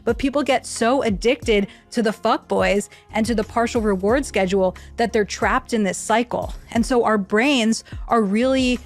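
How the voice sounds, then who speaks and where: A woman giving explanatory dating advice in an earnest, teacherly way. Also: medium pitch.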